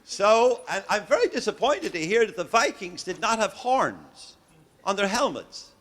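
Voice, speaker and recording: A man's voice: high voice, sing-song, unhurried, a bit bright. A man from Ireland with an Irish accent, giving a genial, joking lecture to religious educators as a visiting professor, with frequent hesitations. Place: lecture hall.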